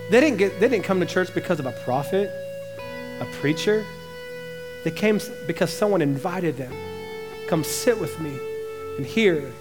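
A man pastor preaching a passionate sermon, rising to loud emphasis and dropping to slow, quiet lines. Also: high-pitched.

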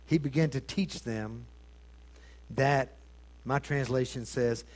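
Male preacher, sermon, rhetorical questions, loud bursts, quiet asides. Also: medium pitch, fairly even intonation, slow. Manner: dramatic swings between loud emphasis and hushed tones; addresses congregation with rhetorical questions.

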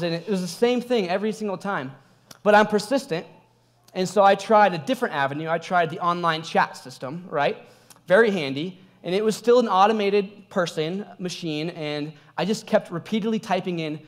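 A young adult man, a pastor, preaching a sermon in a conversational, animated way, telling a personal story with laughs. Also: sits high, brisk.

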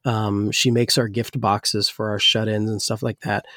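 A man's voice: on the low side, flat delivery, unhurried, pushed and bright, no echo, clean studio sound. A man who grew up in New Jersey and now works as a pastor, talking casually and rambling with many restarts, his voice still a little weak. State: slightly weak voice. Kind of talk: casual discussion.

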